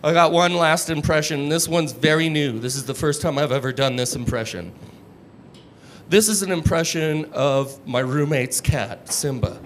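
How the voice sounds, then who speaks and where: Deadpan, crude stand-up comic man. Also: on the high side, normal speed. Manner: deadpan, crude, self-mocking delivery. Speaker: stand-up comedian. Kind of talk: stand-up comedy set. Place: comedy club stage. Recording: live stage mic with room noise.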